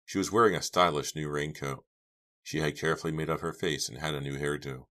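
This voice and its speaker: A man narrating a horror novel audiobook in a measured, steady reading. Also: a bass voice. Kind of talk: scripted narration.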